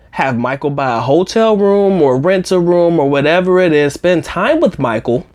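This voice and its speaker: A man hosting a storytime vlog, telling a personal story in a slangy, profane, animated way. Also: medium pitch, moderate pace, few pauses. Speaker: vlog host.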